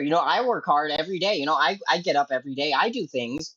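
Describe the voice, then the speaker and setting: A man delivering a comedic angry rant as an online commentator, profane and explosive, swinging between low mutters and sudden yelling. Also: fast talker, hardly any pauses, husky, muffled recording.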